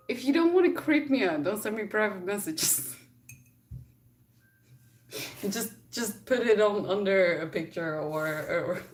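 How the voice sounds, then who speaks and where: A young woman vlogging in a casual chat to camera, telling exasperated stories and laughing often. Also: mid-range voice.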